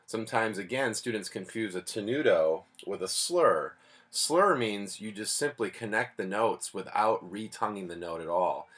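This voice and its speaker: A man with a fairly low voice teaches a band class. He explains each point patiently and plainly, in an everyday teaching manner. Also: lively intonation, normal speed, a bit bright. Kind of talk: music lesson.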